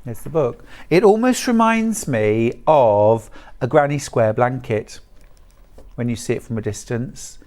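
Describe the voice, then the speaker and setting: In a TV studio, a live shopping channel presenter talks slowly and deliberately, gushing over each product. The delivery is chatty, enthusiastic and full of asides, in an animated mid-range voice with a somewhat dark tone.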